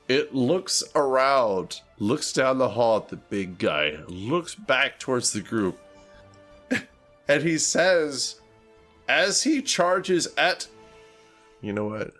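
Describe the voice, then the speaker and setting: A man narrating and ruling as game master of a tabletop game, animated and quick to laugh, with faint music underneath. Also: mid-range voice. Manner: animated, laughs often, voices creatures.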